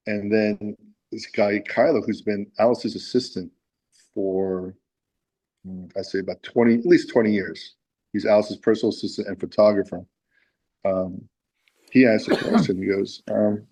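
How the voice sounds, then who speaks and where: Man, lowish voice, casual interview guest, rambling storyteller, lots of restarts. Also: normal speed, darkish tone, poor audio. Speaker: musician guest.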